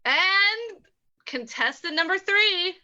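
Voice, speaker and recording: A woman's voice: extremely high pitch, expressive, slow pace, pushed and bright, lo-fi sound. A woman hosting an improv game over a video call, chatty and giggly.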